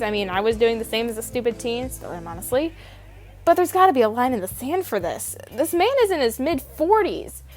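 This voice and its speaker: A young woman reads her video essay script with a high voice, wry and opinionated, swearing now and then. Soft music plays beneath her narration. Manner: opinionated, wry, casually profane.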